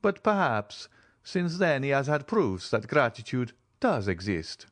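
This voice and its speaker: A man's voice: mid-range voice, very animated, pitched above the performer's own voice. A man reading a grave reserved nobleman. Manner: grave and measured. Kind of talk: audiobook character reading.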